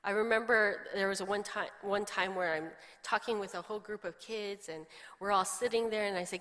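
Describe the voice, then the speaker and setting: A woman's voice: mid-range voice, fairly even intonation, fairly quick, fairly bright tone. A middle-aged woman pastor giving a chatty sermon, telling stories and slipping into quoted voices, often laughing. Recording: long hall reverb.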